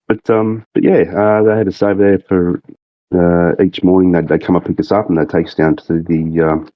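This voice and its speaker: A man's voice: low voice, little pitch movement, moderate pace, no room sound, highs cut off. A man with a thick Australian accent, chatting as a podcast guest in a rambling, laid-back way. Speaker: guest, game mod creative director. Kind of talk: casual podcast chat.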